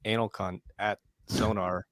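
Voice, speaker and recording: A man's voice: fairly low pitch, little pitch movement, measured pace, a bit bright. A man guest on a podcast chatting casually, hesitant with "uh" and "um". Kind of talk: casual chat.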